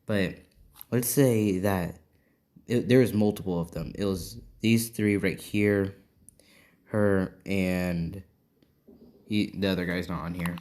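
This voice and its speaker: A man improvising a fan-fiction story out loud, rambling and tagging almost every point with a quick check-in question. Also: low-pitched, steady tone. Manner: rambling, constantly checking in with "right?".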